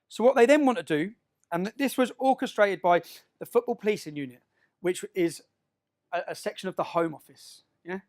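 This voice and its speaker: High-voiced emphatic man giving a speech. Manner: emphatic, keeps asking "yeah?" to the crowd. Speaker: public speaker. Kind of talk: speech to an audience.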